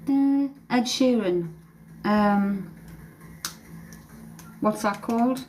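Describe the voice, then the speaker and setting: A woman's voice: medium pitch, a little slow, mellow, slight background noise, rough recording. A woman working as a psychic medium, giving a live-stream reading in a hesitant way, repeating phrases and humming song lines, speaking into a phone.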